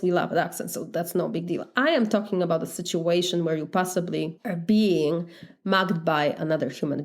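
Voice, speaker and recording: A woman's voice: on the low side, darkish tone. A woman with a Polish accent, a life coach talking in an earnest, conversational podcast monologue, now and then laughing. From Poland.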